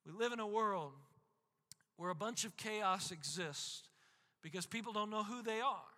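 A man's voice: sits high, unhurried, pushed and bright, long reverb tail. A man preaching a sermon as a pastor, impassioned, with emphatic repetition.

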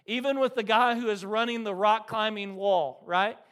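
High-voiced preaching man. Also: moderate pace. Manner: animated storytelling, frequent "right?" to the congregation. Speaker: pastor. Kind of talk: sermon.

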